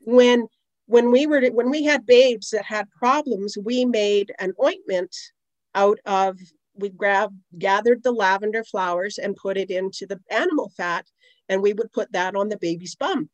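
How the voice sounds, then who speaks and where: A woman's voice: medium pitch, measured pace, no echo, muffled recording, close to an everyday voice. A woman voicing her elderly grandmother in her eighties, a fond, homespun woman with a thick Ukrainian accent. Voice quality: fond, homespun, remembering old remedies.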